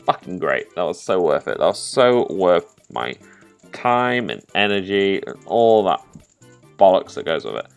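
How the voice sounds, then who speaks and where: A man giving casual, sweary commentary over a video game, bursting into loud, excited outbursts. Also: low voice, unhurried, creaky, smooth, faint music behind. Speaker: gaming commentator. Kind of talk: post-play game commentary.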